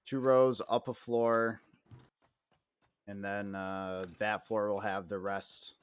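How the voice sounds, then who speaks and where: A man's voice: lowish voice, flat delivery, slow pace, clear, resonant tone. A man playing a game with a friend on stream, joking and teasing in casual chat. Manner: joking, teasing, laughs easily. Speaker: co-player on a stream.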